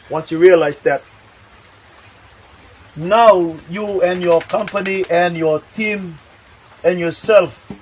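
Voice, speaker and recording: A man's voice: high-pitched, slight background noise, low-quality recording. A man giving a motivational talk, emphatic and repetitive, acting out examples as he goes. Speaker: motivational speaker. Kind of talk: motivational talk with acted demonstrations.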